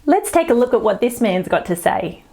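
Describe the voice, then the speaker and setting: A woman with an Australian accent teaching an online English lesson, encouraging and demonstrating phrases slowly. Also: a little high, big pitch swings, gravelly, warm tone.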